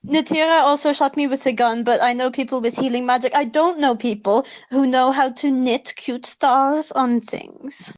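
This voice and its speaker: A woman's voice: sits high, moderate pace, hardly any pauses, dull audio. A woman player making wry jokes in a tabletop game. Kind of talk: casual tabletop game chat.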